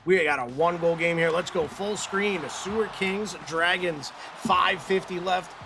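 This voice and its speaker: A man doing lively play-by-play on a live stream, joking and reading out viewer messages. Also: sits high, a little slow, gravelly, background noise. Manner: upbeat, jokey, reads chat aloud. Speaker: play-by-play caster. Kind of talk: live stream game commentary. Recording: stream mic with game music behind.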